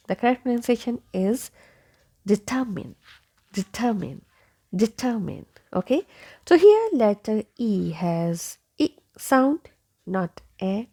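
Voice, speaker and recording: A woman's voice: medium pitch, warm tone. A woman teaching English pronunciation, repeating each word several times and checking in with 'okay?'. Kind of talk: slow pronunciation lesson.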